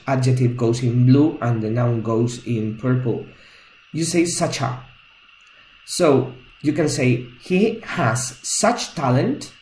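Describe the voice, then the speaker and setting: A man's voice: medium pitch, a little mellow, roomy sound, a little hiss or hum, rough recording. A man teaching an English grammar lesson, patiently explaining each point step by step.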